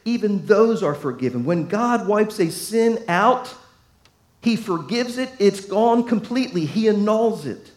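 A man preaching a sermon to a congregation, folksy and emphatic, swinging from loud to hushed. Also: high-pitched, lively intonation, unhurried. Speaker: pastor. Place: church sanctuary. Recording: echoey room.

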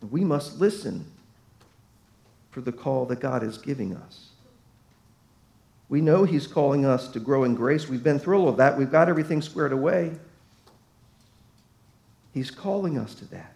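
A man's voice: medium pitch, expressive, unhurried, creaky, pauses often, a little mellow. A man preaching a sermon as pastor, emphatic, his voice swelling and dropping to drive points home.

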